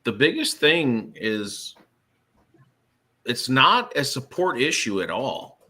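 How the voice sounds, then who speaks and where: Male co-host, bright tense voice, emphatic. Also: mid-range voice, very animated, slow pace, slightly rough. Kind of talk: podcast chat.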